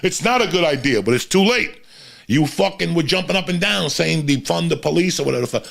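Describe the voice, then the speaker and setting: A man's voice: a little high, expressive, fast, vocal fry, a bit bright. A man from Cuba telling rambling, profane stories on a podcast.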